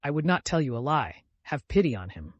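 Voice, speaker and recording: A man's voice: on the high side, animated, moderate pace, no echo, lo-fi sound. A man voicing an earnest young man in an audiobook who urges and pleads with firm emphasis. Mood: urging. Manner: emphatic, urging. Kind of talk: audiobook character reading.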